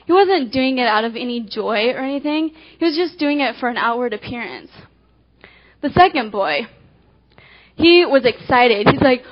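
A woman with a high voice delivers a devotional talk, acting out little scenes as she goes. Her storytelling is animated, rushing ahead and then slowing for emphasis. The sound is dull and lo-fi. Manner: animated storytelling, swinging between quick and slow emphasis. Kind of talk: devotional talk with acted illustrations. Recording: dull lo-fi recording.

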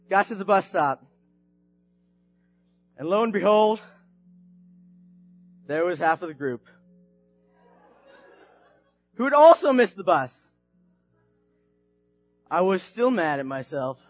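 A man preaching through a personal story, animated and swinging from hushed to shouting. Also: sits high, muffled recording. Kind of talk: storytelling sermon.

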